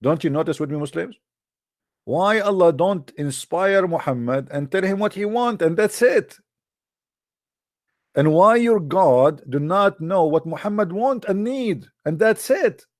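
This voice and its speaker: A man with a fairly high voice argues his point in a sarcastic monologue, firing rhetorical questions at his audience. His English has a non-native grammar, and the sound is close and dry with no room echo. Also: expressive, a little slow. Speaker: presenter of religious debate videos. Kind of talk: argumentative monologue.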